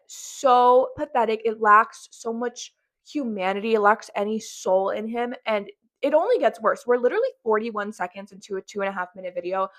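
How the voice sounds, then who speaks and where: A woman's voice: medium pitch, fairly bright tone. A woman hosting a reaction commentary, ranting angrily with heavy swearing. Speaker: commentary host.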